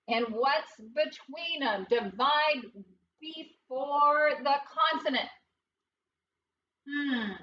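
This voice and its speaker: A woman teaching a phonics lesson, patient and deliberate, repeating words aloud and asking the students questions. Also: high voice, sharp tone, far from the mic, highs cut off, a little hiss or hum. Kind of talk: slow, deliberate classroom instruction.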